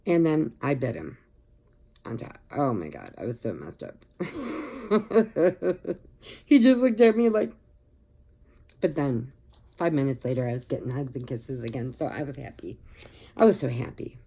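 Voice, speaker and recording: A woman's voice: extremely low pitch, animated, moderate pace, creaky, dark tone, breathy edge. An older woman from Illinois, chatting casually and rambling on her crochet vlog, laughing often. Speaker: crochet vlogger. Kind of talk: casual chat.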